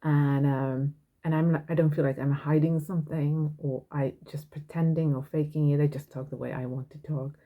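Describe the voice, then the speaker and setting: A woman's voice: low-pitched, fairly even intonation, normal speed, few pauses, narrow, tinny audio. A woman hosting a parenting podcast, talking frankly and earnestly in a casual monologue.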